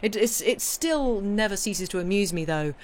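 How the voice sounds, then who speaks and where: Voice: mid-range voice, lively intonation, moderate pace. A British streamer in casual live chat, rambling between thoughts. The talk is loose and friendly, full of ums and restarts. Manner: chatty, rambling, with frequent fillers and restarts.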